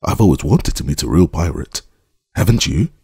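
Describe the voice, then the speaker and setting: Wry, eager gentleman detective, lively delivery, as a male narrator puts him on. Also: low-pitched, moderate pace, breathy edge, dry recording, studio quality, heavily acted.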